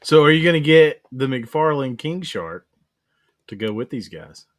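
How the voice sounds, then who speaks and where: A man co-hosting a casual podcast chat, teasing his partner with quick reactions. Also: a little high, expressive. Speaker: podcast co-host.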